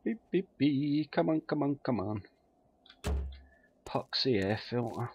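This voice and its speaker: A man's voice: mid-range voice, expressive, slow, darkish tone, slight background noise. A man giving casual, muttering commentary while he plays a survival game, swearing freely. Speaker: let's play gamer.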